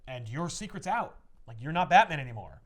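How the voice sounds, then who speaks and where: A man's voice: fairly high pitch, a little fast. A man co-hosting a podcast, retelling a comic plot in casual chat full of "like" asides. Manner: animated storytelling full of "like" asides.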